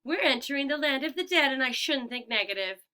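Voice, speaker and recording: A woman voicing a sharp young girl who speaks in a dry, sardonic way. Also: high voice, lively intonation, brisk, clean tone.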